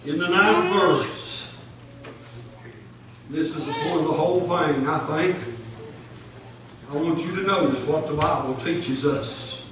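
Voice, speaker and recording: High-voiced preacher, echoey church. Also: male voice, slow pace, long pauses, noisy background. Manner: folksy, rises into shouted preaching. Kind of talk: fervent Baptist sermon. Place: church sanctuary. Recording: echoey church, distant mic. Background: congregation responding.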